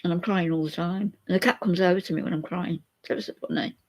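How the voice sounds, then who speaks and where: A woman's voice: lowish voice, fairly even intonation, quick pace. An older woman, chatting openly to viewers in a rambling way and reading out their comments. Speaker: vlogger chatting to live viewers. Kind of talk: emotional live chat.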